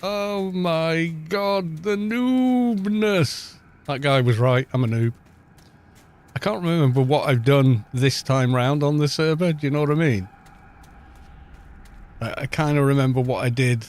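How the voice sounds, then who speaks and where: A man's voice: mid-range voice, normal speed, pauses often, darkish tone. Self-mocking Welsh man streaming a game. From Wales. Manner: self-mocking, rambling, chatty. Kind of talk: casual gameplay chat.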